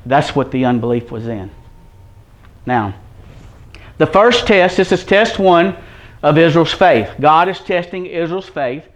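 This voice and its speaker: A man's voice: fairly high pitch, lively intonation, measured pace, pauses often. A man preaching an earnest Bible-teaching sermon, repeating his points and checking in with his listeners. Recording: dull lo-fi recording.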